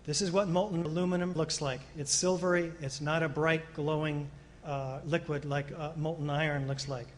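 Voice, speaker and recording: A man lays out technical findings in an earnest, lecturing tone, pausing for rhetorical questions and the odd filler. His voice sits somewhat high, with a faint hiss of noise behind it. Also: steady tone, low-quality recording. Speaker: architect presenting evidence. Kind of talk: documentary lecture.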